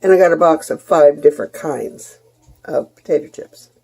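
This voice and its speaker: A woman's voice: low voice, normal speed, dark tone. A middle-aged woman, chatting casually in her kitchen as a home cooking vlogger and rambling in homey asides to her viewers.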